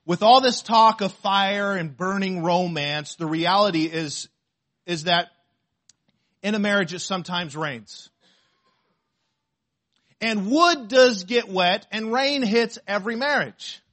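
A man preaching a sermon to a congregation, reading scripture aloud slowly and asking the listeners questions. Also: sits high, fairly bright tone. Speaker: pastor.

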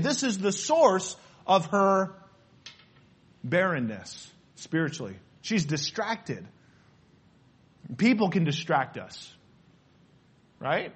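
A man preaching a sermon in an emphatic, animated way, repeating his key phrases. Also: high voice, a little slow, husky.

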